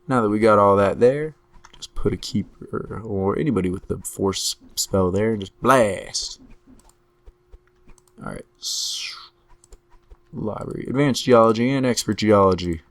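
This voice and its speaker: A man commentating his own strategy game play in a relaxed way, talking through each move while he is losing his voice. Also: on the low side, dry recording. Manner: unhurried, talks through each move to himself. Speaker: gameplay commentator.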